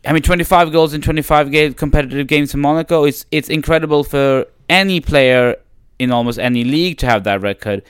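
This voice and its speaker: A man's voice: a little high, clean tone, no room sound, clean studio sound. A man co-hosting a casual football chat, teasing and joking with his friends. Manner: teasing, swearing, quick jokes. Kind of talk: casual banter about football.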